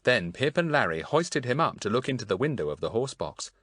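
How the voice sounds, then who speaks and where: A man narrating a children's audiobook in a measured, storytelling manner. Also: medium pitch, dry recording, clean studio sound. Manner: measured storytelling with lively intonation. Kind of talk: scripted narration of a children's book.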